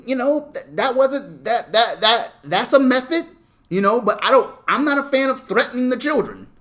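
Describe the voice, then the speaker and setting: A man's voice: very high-pitched, expressive, moderate pace, fairly bright tone. A male pastor preaching in a conversational way, often checking in with the congregation and acting out parents and children. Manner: conversational, repeats "okay?" to the congregation; acts out parents and kids in quoted voices. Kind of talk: sermon.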